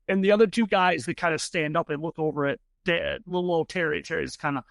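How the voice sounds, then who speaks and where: A man's voice: a little high, fairly even intonation, fast talker, gravelly, no room sound. A man narrating as game master of a tabletop game, rambling with many fillers and restarts.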